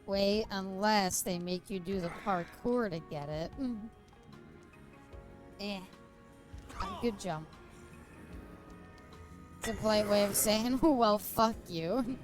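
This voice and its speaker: A woman's voice: mid-range voice, slow pace, pauses often, faint music behind. A young woman streamer chatting casually while playing, giggling often and swearing freely.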